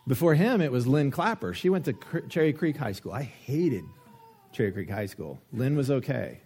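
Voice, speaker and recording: A man preaching a sermon, joking and animated, with lots of rhetorical questions, in a church. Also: medium pitch, moderate pace, slight background noise. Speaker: pastor.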